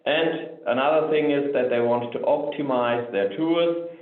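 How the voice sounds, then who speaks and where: A man delivers a technical webinar presentation at an ordinary mid pitch, pacing his points with "so" and "um". His voice comes through a thin, telephone-like line. A roomy echo hangs around every word. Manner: measured, frequent "so" and "um" fillers. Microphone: remote webinar audio.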